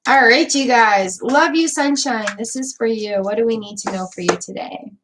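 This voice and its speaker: A woman's voice: fairly high pitch, moderate pace, fairly bright tone, slight background noise. A woman giving tarot card readings on a live stream, encouraging and chatty, repeating words and using fillers as she goes. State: hiccups. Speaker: tarot reader.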